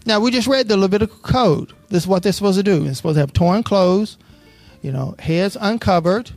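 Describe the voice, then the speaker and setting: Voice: medium pitch, fairly quick, no echo, faint music behind. A preacher reading scripture aloud and quizzing the congregation on the missing words, then building into passionate preaching. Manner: asks the congregation to fill in words; builds from steady Bible reading to impassioned preaching. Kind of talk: sermon with call and response. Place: church.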